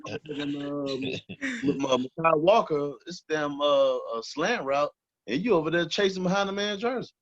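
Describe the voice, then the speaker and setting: A man's voice: a little high, big pitch swings, moderate pace, gravelly. A man on a casual sports talk show, speaking bluntly with lots of swearing. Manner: blunt, profane, heated. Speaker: co-host. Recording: dull, dry sound.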